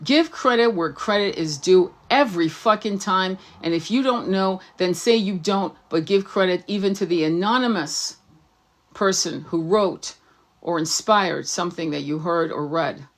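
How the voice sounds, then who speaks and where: A woman's voice: fairly low pitch, moderate pace. A woman who works as a psychic, giving a blunt, profane and impassioned talk to fellow healers. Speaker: psychic and tarot channel host. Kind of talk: impassioned spiritual monologue.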